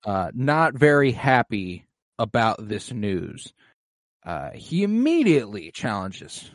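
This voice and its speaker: A man's voice: medium pitch, very animated, slow pace, no echo, clean studio sound. A man in casual chat, animatedly retelling a show's episode with lots of swearing and acted-out quotes.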